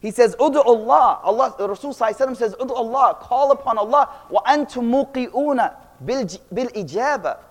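A young man giving a casual, animated Islamic talk full of slang, swinging between loud and quiet. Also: very high-pitched, quick pace, hardly any pauses. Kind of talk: casual storytelling lecture. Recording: long reverb of a hall.

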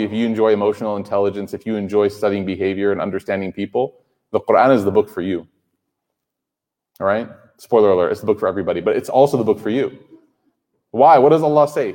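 An Islamic speaker in his thirties gives a sermon to a live audience, his voice on the low side and mellow. He keeps it conversational and joking, often asking the crowd questions, and the recording has hall reverb.

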